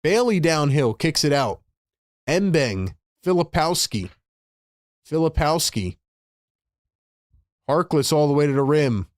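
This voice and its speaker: A man streaming live fan play-by-play, calling plays and reacting as a frustrated, excitable fan with casual slang. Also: a little high, slow pace, pauses often, dry recording, studio quality. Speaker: livestream host doing fan play-by-play.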